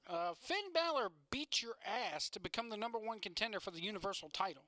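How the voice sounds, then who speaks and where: A man's voice: high-pitched, expressive, brisk, pushed and bright, no room sound. A young man hosting a casual wrestling podcast, rambling through a recap with sarcastic asides and frequent laughs.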